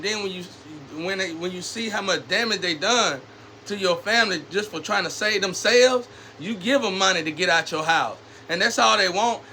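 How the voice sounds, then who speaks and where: Man, high voice, bright, street slang, preachy rambling monologue, faint background noise.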